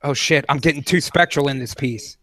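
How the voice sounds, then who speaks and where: A man's voice: medium pitch, fairly quick, sharp tone, dry recording. A man co-hosting a casual live stream over a voice call, laughing often and swearing freely.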